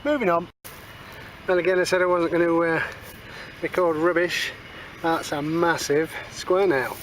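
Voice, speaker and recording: A man talks through his finds in a field, casual and cheeky, full of little asides. His voice sits a touch high. Outdoor noise runs clearly behind him. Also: fairly even intonation, measured pace, a bit bright. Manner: chatty, cheeky asides, says moving on a lot. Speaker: metal detecting vlogger. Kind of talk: casual running commentary while detecting.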